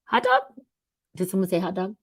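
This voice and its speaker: A woman with a fairly low voice hosts her own live stream in a loose, rambling monologue. She jokes, laughs often and trails off and restarts her sentences as she talks. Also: fairly quick, noisy background.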